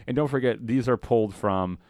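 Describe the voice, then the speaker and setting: A man hosting a podcast, reading a dark comedic story aloud with animated quoted voices and laughing at his own jokes. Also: mid-range voice, fairly quick, no echo, clean studio sound.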